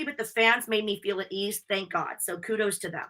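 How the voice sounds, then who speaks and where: A young American woman on a live interview podcast, chatting in a bubbly, animated, talkative way. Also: medium pitch, moderate pace. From United States. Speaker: wrestling interviewer and guest. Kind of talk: casual live interview chat.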